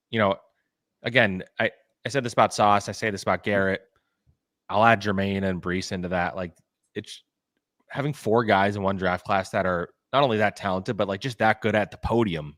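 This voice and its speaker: Low-voiced man rambling about football. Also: a bit bright, no room sound, studio quality. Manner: rambling, lots of "like" and restarts. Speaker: beat reporter and podcast co-host. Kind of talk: casual sports podcast talk.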